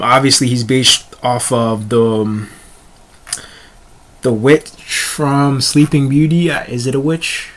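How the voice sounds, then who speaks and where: A man's voice: medium pitch, a bit bright. A young man casually reviewing a comic chapter, rambling and often stumbling over words and restarting.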